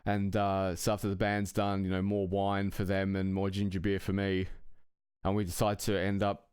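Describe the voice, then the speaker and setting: A man's voice: low-pitched, completely flat delivery, moderate pace, darkish tone, clean tone, dry recording, studio quality. A man telling a personal anecdote in a casual, rambling way, swearing often and chuckling between phrases. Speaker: storyteller.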